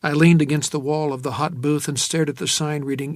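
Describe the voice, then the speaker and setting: A man narrating a first-person audiobook, measured and wry. His voice sits a bit high for a man. The recording is dry and close, with no room sound. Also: steady tone, no room sound. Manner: measured, wry, low-key.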